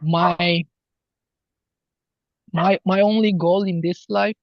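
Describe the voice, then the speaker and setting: A man talking as a healer guest on a podcast, slow and earnest as he explains spiritual ideas. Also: sits high, steady tone, creaky, no room sound, dull audio. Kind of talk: podcast interview.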